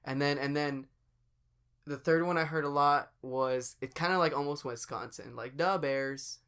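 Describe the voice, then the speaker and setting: A man co-hosting a podcast, laid-back and joking, often trailing off in halting, searching phrases. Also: fairly high pitch, fairly even intonation, fairly bright tone, clean tone. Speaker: podcast co-host. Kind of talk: casual chat.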